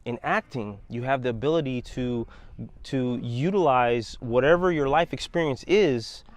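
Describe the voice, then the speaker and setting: A man speaking earnestly and heartfelt about hope and change in prison. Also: mid-range voice. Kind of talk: reflective testimony.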